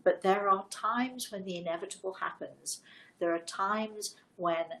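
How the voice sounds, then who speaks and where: An older woman, hosting a live show and telling a personal story, acting out the dialogue with lively shifts of voice. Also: medium pitch, a little slow, poor audio. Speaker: host.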